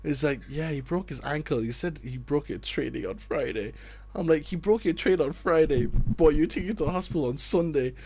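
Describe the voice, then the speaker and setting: A man's voice: a little high, brisk, darkish tone, slight background noise. A man, a youth football coach telling a story in a casual chat with friends and acting out the people he quotes. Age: 20s.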